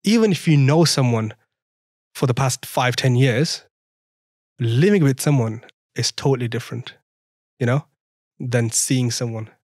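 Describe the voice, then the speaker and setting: A man's voice: medium pitch, measured pace, pauses often, darkish tone, dry recording, studio quality. Chatty young man telling stories. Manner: chatty, laughs often while telling stories. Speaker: podcast guest. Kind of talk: casual storytelling in an interview.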